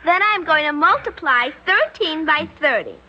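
A woman's voice: sits high, moderate pace, dull audio, full character voice. A woman doing an eerie polite little girl. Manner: prim, sing-song, calmly menacing. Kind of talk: radio drama acting.

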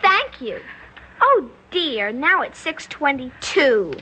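A woman playing an eerie, polite little girl who calmly threatens a man, speaking in a prim, sing-song way in a radio drama. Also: sits high, slow, full character voice.

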